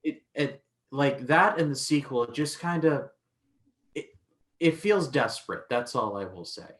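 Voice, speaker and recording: A man's voice: medium pitch, lively intonation, unhurried, a bit bright. A man co-hosting a film review podcast, chatting casually and stumbling through restarts as he retells scenes.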